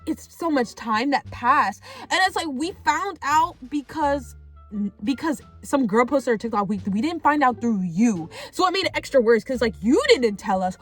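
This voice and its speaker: Animated young woman telling a story. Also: high voice, normal speed. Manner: animated, rambling, heavy use of "like", swears freely. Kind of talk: casual storytime chat. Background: faint background music.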